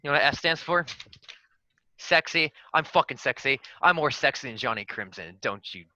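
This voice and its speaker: A man doing a cocky, boastful candidate with a very bright, tense voice, bragging and joking crudely in a dry, close-sounding room. His pitch jumps up when he boasts. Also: animated, normal speed, no room sound, low-quality recording. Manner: boastful, swaggering, crude jokes. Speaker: player giving a joke campaign speech. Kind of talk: comedic in-character campaign speech.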